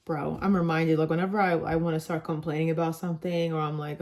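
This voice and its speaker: A young woman vlogger chatting casually, rambling with lots of filler words and getting animated when excited. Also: deep voice, quick pace, hardly any pauses. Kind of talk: casual chat.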